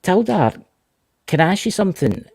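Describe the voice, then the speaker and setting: A man's voice: high-pitched, very animated, normal speed, gravelly, darkish tone, breathy edge, no echo, studio quality. A Scottish man hosting a casual livestream interview, chatty and repeating words as he restarts his sentences. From Scotland. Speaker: host.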